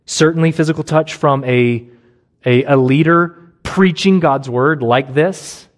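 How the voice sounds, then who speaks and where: A man preaching a sermon, earnest and emphatic, with long pauses and a low, soft voice for Jesus' words.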